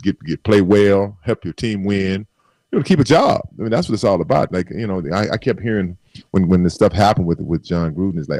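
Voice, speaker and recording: A deep, mellow man on a close, dry studio mic. He argues emphatically about football and replays conversations to make his point. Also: lively intonation, fairly quick, dry recording. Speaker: football analyst. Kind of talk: radio sports chat.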